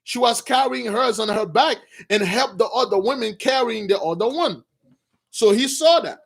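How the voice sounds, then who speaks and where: A high-voiced man preaches, alternating between reading an old text and retelling it in loose, informal asides. He addresses his listeners as brothers, often restarts his sentences, and drops lower when he makes his point. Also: animated, moderate pace, vocal fry, breathy edge. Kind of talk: sermon reading a text with commentary.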